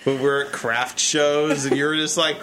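A man co-hosting a podcast in casual chat, jokey and quick to laugh. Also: a little high, flat delivery, background noise. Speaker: podcast co-host.

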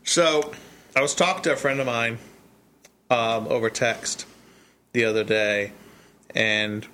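A man's voice: medium pitch, sharp tone, slight background noise. A man co-hosting a casual podcast, rambling through crude jokes and laughing at his own lines. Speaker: podcast co-host.

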